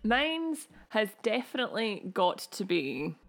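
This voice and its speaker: A woman's voice: medium pitch, sing-song, unhurried, fairly bright tone. Gushing woman podcast co-host. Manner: gushing, laughs often. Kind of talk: casual chat.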